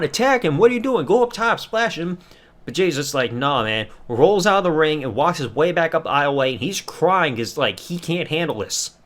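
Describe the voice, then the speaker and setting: A man hosts a solo podcast review and talks through the events in an excited, animated way. His voice sits a little high. He fills his talk with casual fillers as he goes. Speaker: podcast host.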